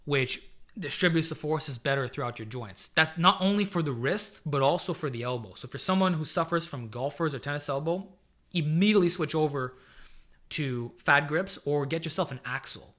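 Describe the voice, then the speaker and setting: A fitness coach answers viewer questions on a casual live stream, chatty and full of energy. His voice sits fairly high for a man and comes across bright and forceful. He talks into a desk mic that he sometimes drifts away from. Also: expressive, normal speed. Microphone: desk microphone he sometimes leans away from.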